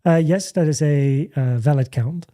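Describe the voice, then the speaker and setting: A man's voice: a little high, dark tone. A man hosting a casual livestream, chatting and answering questions with many restarts and fillers. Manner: halting, repeats words, many fillers. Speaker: livestream host. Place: home.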